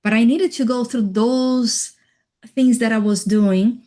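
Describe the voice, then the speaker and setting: A woman guest on a video call, telling her own story slowly and thoughtfully, with soft laughs and fillers. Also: a little high, steady tone. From Hawaii. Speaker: interview guest, healer and life coach. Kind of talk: reflective personal storytelling.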